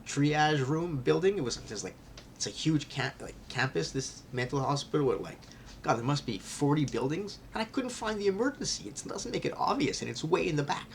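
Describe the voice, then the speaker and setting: In a candid personal vlog, a man rambles through a story, restarting often and frequently dropping to a hushed near-whisper. His mid-range voice carries vocal fry, and there's a faint hiss or hum.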